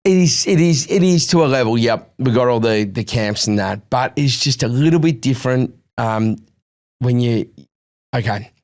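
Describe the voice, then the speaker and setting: Australian man telling animated stories. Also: mid-range voice, moderate pace. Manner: animated storytelling, acts out quotes. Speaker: podcast co-host. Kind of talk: casual chat.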